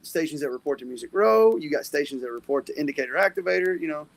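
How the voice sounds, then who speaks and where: A man's voice: a little high, expressive, quick pace, gravelly, no room sound. A man from Tennessee, a musician guest, chatting and joking in an easygoing way. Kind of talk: casual chat as a guest.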